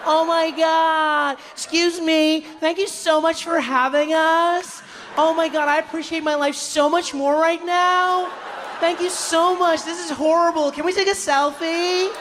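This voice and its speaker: A man's voice: very high voice, steady tone, measured pace, a bit bright, slight background noise, voice pushed up. Man doing squealing, gushing tourists. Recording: live stage with long reverb.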